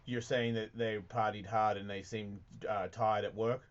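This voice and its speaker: A man's voice: lowish voice, little pitch movement, normal speed. A man hosting a radio talk show, asking crude, teasing, rambling questions in casual chat. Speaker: host. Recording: slightly muffled broadcast audio.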